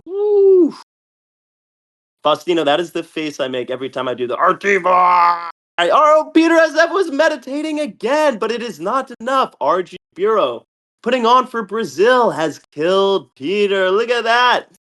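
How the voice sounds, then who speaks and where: Brief: young male host, animated play-by-play game commentary, slightly high voice, very lively pitch swings, stumbles on restarts. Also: moderate pace. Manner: excitable, shouts and laughs often. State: a bit out of breath.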